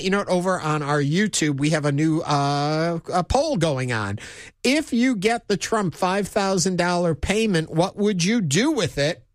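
A man's voice: fairly high pitch, no room sound, clean studio sound. A man co-hosting a call-in radio talk show, chatting in a conversational way and inviting listeners to phone in with their opinions. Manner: conversational, takes listener calls, gives opinions.

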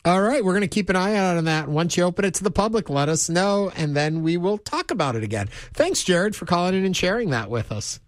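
A chatty man hosting a radio call-in show, reading out comments from listeners. His slightly high voice swings lively up and down, and the studio sound is close and dry. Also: a little fast, few pauses, no room sound. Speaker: radio talk show host. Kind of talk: casual on-air chat with listeners.

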